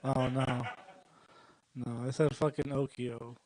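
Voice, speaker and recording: A young man doing a stand-up set at a comedy club, rambling and working the crowd with deadpan asides. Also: medium pitch, slow, no room sound, low-quality recording.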